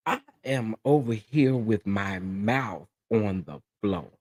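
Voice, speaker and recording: A man hosting a casual live-stream chat, talking in drawn-out exclamations and swooping up high in mock outrage. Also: animated, darkish tone, dry recording, clean studio sound.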